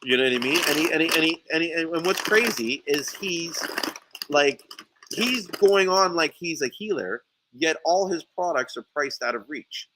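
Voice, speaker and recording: A man recounting a feud in an animated, heated way, cursing freely and tripping over his own words. His voice is bright and forward. It sounds like a casual podcast conversation. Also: on the high side, moderate pace, slight background noise, poor audio. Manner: animated storytelling, swears often, many restarts. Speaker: sea moss seller. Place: St. Lucia.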